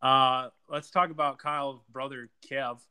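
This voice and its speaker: A man's voice: mid-range voice, steady tone, a little slow, sharp tone, clear, resonant tone. A man co-hosting a casual fantasy football recap, blunt and trash-talking, laughing easily. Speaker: podcast co-host.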